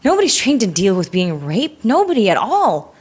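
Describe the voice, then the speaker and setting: A woman being interviewed speaks frankly about a hurtful personal ordeal, her feelings showing as she goes. Her voice is medium-pitched and slightly rough, at an ordinary speed, and her account is lively and emotional.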